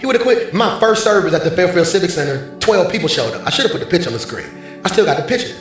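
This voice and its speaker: A male pastor preaching a sermon from a church stage, animated and bantering with the congregation. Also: sits high, fast. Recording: very echoey hall, faint music.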